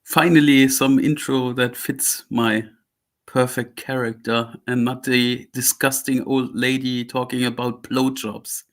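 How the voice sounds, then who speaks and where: A man appearing as a guest on a livestream, chatting in a dry, joking, low-key way while feeling unwell. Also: flat delivery, measured pace. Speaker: show guest. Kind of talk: casual livestream chat.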